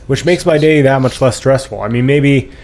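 Relaxed man hosting a medical podcast. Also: medium pitch, normal speed. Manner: relaxed, asks guests questions. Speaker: physician assistant, podcast host. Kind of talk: casual chat.

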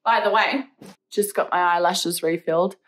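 A woman's voice: lowish voice, normal speed, fairly bright tone. A young woman vlogger ranting back at comments in a sarcastic, profane, mocking way. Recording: echoey room, mic at a distance.

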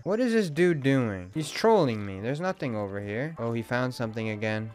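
A young man streaming a video game, reacting loudly with swearing and sudden shouts of surprise, sometimes reading game lines aloud flatly. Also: mid-range voice, normal speed, hardly any pauses, a little hiss or hum. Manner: reads game dialogue aloud in a flat voice.

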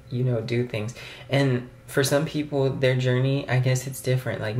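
Talking into his camera mic at home, this young vlogger rambles along in casual vlog style, leaning heavily on fillers. His mid-range voice has a somewhat dark tone, and the audio sounds roomy.

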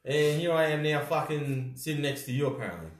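Crude teasing Australian bloke. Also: male voice, a little high, animated, fairly quick, a little hiss or hum. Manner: crude, teasing, swears constantly. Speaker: card break co-host. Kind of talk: casual banter while opening cards. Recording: echoey room.

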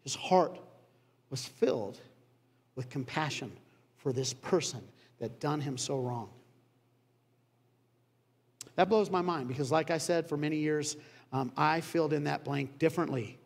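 A male pastor preaching a sermon, telling a story in a conversational way with dramatic pauses. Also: a little high, vocal fry. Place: church sanctuary. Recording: long church hall reverb.

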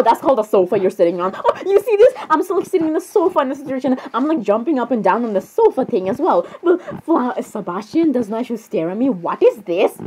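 A young woman doing a playful, giggly role-play with character voices, excitable and full of fillers and laughter. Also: sits high, a little hiss or hum, poor audio.

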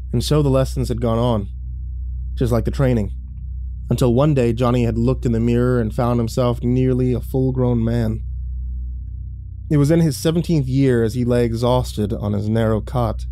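A man narrating a scripted horror story in a measured, dramatic way. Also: medium pitch, mellow.

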